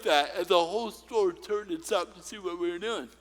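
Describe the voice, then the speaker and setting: A man's voice: high voice, brisk, few pauses, in a large hall, background noise. A man preaching a sermon, telling funny personal stories and then turning earnest and encouraging. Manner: humorous, personal storytelling. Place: church.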